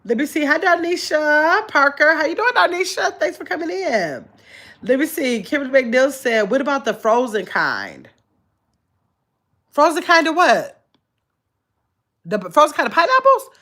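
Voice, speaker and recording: A middle-aged woman with a slightly high voice hosts a relaxed livestream. She reads viewer comments aloud one by one and answers them in an easygoing, chatty way, pausing often to scan for the next one. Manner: chatty and easygoing, with frequent "let me see" pauses while reading. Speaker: channel host.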